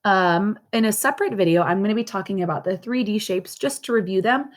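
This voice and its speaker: Woman teacher, recorded lesson for young kids, slow patient explainer, repeats key points. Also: medium pitch.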